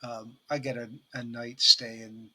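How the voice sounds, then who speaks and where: A man's voice: medium pitch, level tone, unhurried, bright, forceful tone, breathy edge. A man co-hosting a casual talk show, telling rambling, jokey stories with casual swearing. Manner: rambling storyteller, swears casually, laughs often. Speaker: podcast co-host. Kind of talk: casual chat.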